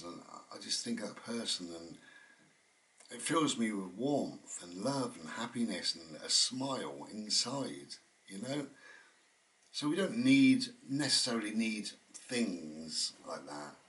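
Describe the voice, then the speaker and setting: A man with a fairly low voice rambles through a reflective, chatty monologue at home, drifting between thoughts with plenty of fillers. He sits a little back from the mic. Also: a bit bright, distant mic. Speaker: channel host. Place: indoors at home.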